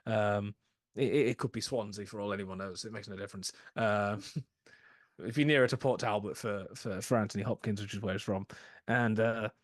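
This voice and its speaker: A man's voice: on the low side, steady tone, normal speed, dry recording, clean studio sound. A man casually talking through a film on a podcast, stumbling and restarting often, acting out bits of dialogue. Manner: hesitant, many restarts, acts out quotes. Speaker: podcast co-host.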